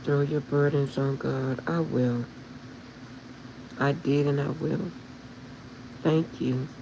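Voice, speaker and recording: Woman on a livestream, heartfelt and emotional, talks right to her viewers, a bit of vocal fry. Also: sits low, steady tone, takes it slowly, background noise. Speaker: spiritual livestream host. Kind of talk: casual livestream chat with viewers.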